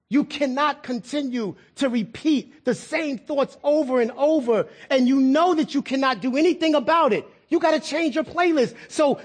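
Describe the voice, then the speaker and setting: A middle-aged pastor with an extremely high-pitched voice preaches a sermon conversationally, repeating words and putting questions to the congregation.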